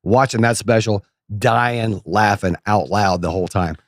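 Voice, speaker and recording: A man's voice: lowish voice, a little slow, no echo, clean studio sound. A man co-hosting a comedy podcast in easygoing casual chat, laughing along with his partner. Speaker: podcast co-host.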